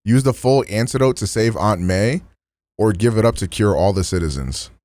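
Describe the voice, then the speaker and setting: Dude streaming and chatting loose and slangy, lots of "like", dry close mic. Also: male voice, fairly low pitch, moderate pace, a little mellow, no echo. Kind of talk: casual stream chat.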